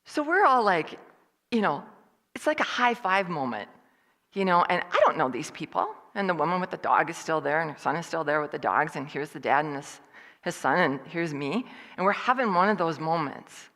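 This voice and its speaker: A woman speaking at a church service, telling a personal story in a lively way and acting out what other people said. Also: low-pitched, moderate pace, in a large hall. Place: church hall.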